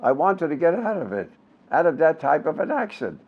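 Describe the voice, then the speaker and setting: A husky, fairly high-pitched man in his nineties speaks briskly as a guest in a storytelling interview, the recording's highs cut off. An American veteran Yiddish theater actor with a Brooklyn and Yiddish-tinged accent, he rambles animatedly through his tales with many fillers and restarts.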